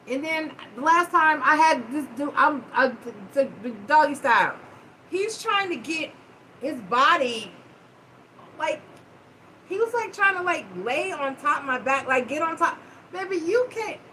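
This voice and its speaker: A woman hosting a live-stream chat, telling stories in a blunt, profane, animated way. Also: sits high, measured pace, a little hiss or hum, poor audio. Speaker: host.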